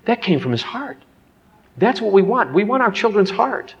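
A man's voice: high voice, big pitch swings, moderate pace, gravelly, a little hiss or hum. Folksy preaching man in an echoey hall. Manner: candid, folksy storytelling addressed to a crowd. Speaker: family seminar speaker. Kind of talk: conversational sermon with personal stories. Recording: echoey hall, dull lo-fi sound.

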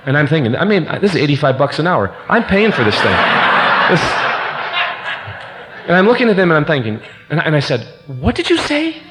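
A man's voice: on the high side, big pitch swings, fairly quick, long pauses. A man giving an earnest, sermon-style personal testimony, acting out the quoted voices as he tells the story. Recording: reverberant hall with faint hum.

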